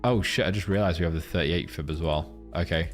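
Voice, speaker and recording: A man's voice: sits low, fast, soft background music. A man live-streaming, chatting crudely with his viewers and rambling between jokes and a chart lesson. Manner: crude, joking, rambling banter with chat.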